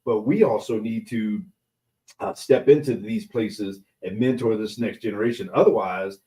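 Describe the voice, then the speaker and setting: A man's voice: fairly low pitch, normal speed, mellow, poor audio. A middle-aged man co-hosting a casual talk show, speaking emphatically and often restarting phrases as he builds a point. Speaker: podcast co-host. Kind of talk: casual chat.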